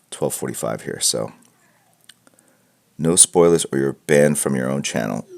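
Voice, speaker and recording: A man hosting a live art critique stream, chatting casually and rambling with jokes, fillers and restarts while wearing headphones. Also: very deep voice. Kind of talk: casual livestream chat. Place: room at home with piles of comic books.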